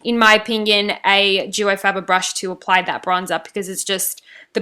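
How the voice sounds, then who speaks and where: A young woman talks through her makeup steps in a loose, chatty voice-over. She rambles and laughs off her own slips of the tongue. Her voice is bright and clean. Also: mid-range voice, little pitch movement, moderate pace, clean tone. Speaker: beauty vlogger. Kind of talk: casual voice-over for a makeup tutorial.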